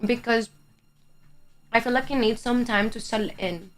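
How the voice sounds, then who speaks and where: Speaking at normal speed in a slightly high voice, a young Greek woman whose first language is Greek chats with viewers on her livestream. She comes across as chatty, laughs often, and swears casually, with faint music in the background.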